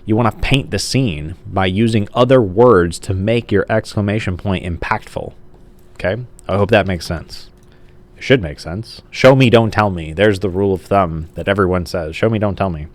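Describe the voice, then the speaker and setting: A man's voice: low voice, normal speed. A male teacher giving a recorded grammar lesson, talking casually while writing on a page and often checking in with the class. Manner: casual, says "like" and checks in with "okay?". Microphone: camera mic.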